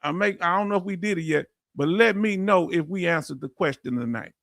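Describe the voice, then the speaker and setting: A man with a Texan accent hosts a live stream in a high, gravelly voice. He reads chat comments aloud and speaks with emphatic, animated energy. The recording is close and dry. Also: brisk, no echo. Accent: Texan English. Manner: emphatic, animated storytelling with frequent laughs. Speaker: veteran live-stream host.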